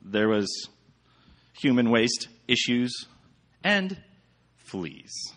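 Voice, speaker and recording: A man's voice: medium pitch, big pitch swings, drawn-out words, a bit bright. A man giving a casual sermon with slides, chatty and rambling, with many fillers. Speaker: church speaker.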